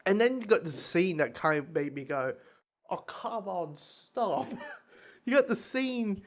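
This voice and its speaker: A man's voice: high voice, expressive, a little slow. A man giving a casual, rambling spoken review of a comic, with frequent restarts, swearing and laughing at himself.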